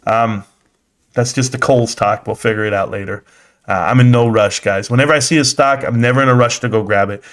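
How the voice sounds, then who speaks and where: A young man hosting a casual stock-market livestream, talking back to his chat in a blunt, lively way. His pitch sits in the middle of the usual male range, and he laughs easily between points. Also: brisk. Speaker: livestream host reading and answering chat.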